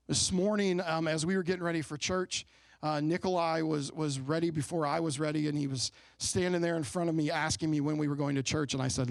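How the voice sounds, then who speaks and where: A man in his thirties preaching a sermon in a relaxed, conversational way, telling a family story and asking the congregation questions. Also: fairly high pitch, no echo. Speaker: pastor. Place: church sanctuary.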